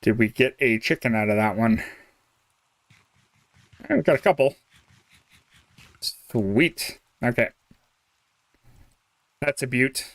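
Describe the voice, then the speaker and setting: Speaking slowly with frequent pauses and no echo, a young man with a medium-pitched voice chats on a game live stream as he plays. He rambles, chuckles often, and drifts off mid-thought.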